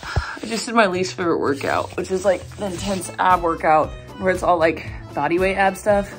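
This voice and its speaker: A woman's voice: fairly low pitch, animated, moderate pace, roomy sound, soft background music. A woman talking casually to camera at home, playful and rambling, poking fun at herself. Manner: playful, rambling, self-mocking. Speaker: vlogger. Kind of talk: casual daily vlog.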